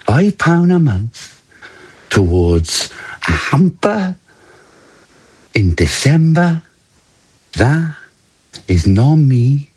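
A man voicing a middle-aged man with a husky, rough voice. He speaks slowly and deliberately, his pitch swinging widely as he protests his innocence. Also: darkish tone, heavily acted, low-quality recording.

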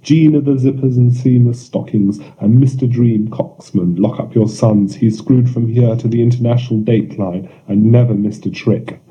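A man's voice: medium pitch, steady tone, normal speed, hardly any pauses, mellow, close to an everyday voice. A man voicing a bombastic male king who announces a show, on a dull lo-fi recording. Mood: grandiose.

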